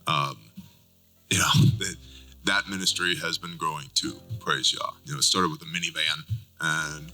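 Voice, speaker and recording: A man with a very deep, sharply bright voice talks reflectively in casual chat. His delivery is relaxed and unhurried. Soft music sits faintly in the background. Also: low-quality recording.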